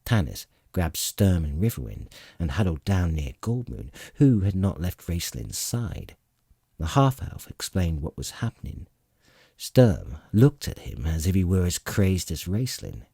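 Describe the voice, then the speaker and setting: Deep-voiced guy narrating a fantasy book, slow pace, lots of swing in his delivery. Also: vocal fry, slightly rough, dry recording, studio quality. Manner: expressive, measured storytelling. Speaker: audiobook narrator.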